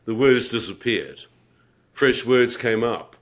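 A man's voice: medium pitch, expressive, measured pace. A middle-aged man telling his life-changing testimony in a vivid, wry way. He laughs at himself and acts out his own thoughts. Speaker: guest telling his conversion story. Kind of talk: personal testimony storytelling.

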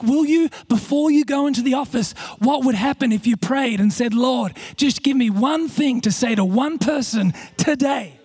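A man's voice: extremely high pitch, a little mellow, slightly rough. A man preaching a sermon, telling a story with self-deprecating humour and frequent restarts. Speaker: pastor.

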